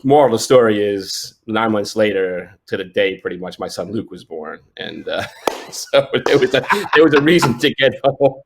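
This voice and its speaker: A man's voice: lowish voice, expressive, moderate pace, creaky. A man in his forties, a sports photojournalist, telling stories in a casual interview, rambling with restarts and fillers and laughing often. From New York.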